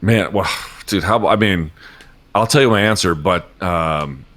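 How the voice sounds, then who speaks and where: Man, forties, low voice, hesitant rambling, swears casually, interview guest, video call. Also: a bit bright. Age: 40s. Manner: rambling, halting, emotional and profane. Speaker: interview guest, MMA journalist.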